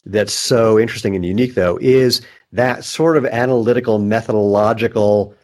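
A man hosting a podcast, telling coaching stories in relaxed conversation. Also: on the low side, normal speed. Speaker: podcast host. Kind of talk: casual conversation.

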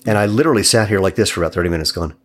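A male podcast host with a fairly low voice talks quickly. He is a chatty, joking storyteller who laughs easily. The tone stays casual and conversational.

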